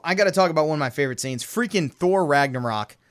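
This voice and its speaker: A man with a fairly high voice co-hosts a casual movie podcast. He talks with lots of energy, laughs often and acts out scenes from films as he goes. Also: lively intonation, fast, a bit bright. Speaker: podcast co-host. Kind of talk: casual chat.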